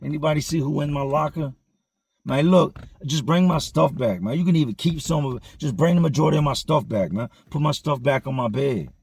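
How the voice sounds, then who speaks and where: A robbed male inmate calls out to the whole dorm, raised and pleading, repeating himself to get his things back. His voice pushes higher and louder than a plain speaking voice, with a husky edge, as a man acts him out in his own story. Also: a little fast, dry recording, studio quality. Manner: loud, pleading, repetitive.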